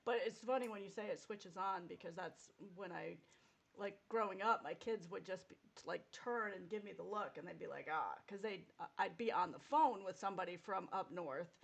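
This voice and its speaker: Gravelly middle-aged woman host. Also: medium pitch, normal speed. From Massachusetts, Fall River area. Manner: laughs often, chatty and blunt. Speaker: podcast host. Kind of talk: casual chat.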